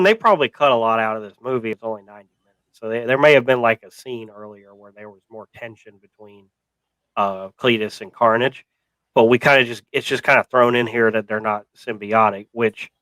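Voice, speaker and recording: Bright, crisp-voiced man rambling about a film. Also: medium pitch, no room sound, poor audio. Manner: rambling, many fillers and restarts, wry. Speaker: podcast co-host. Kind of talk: casual movie review chat.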